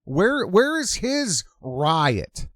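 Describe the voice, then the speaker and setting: A man's voice: sits high, big pitch swings, drawn-out words, a bit bright, no echo, clean studio sound. A man hosting a commentary show, ranting in a sarcastic, profane, mocking way.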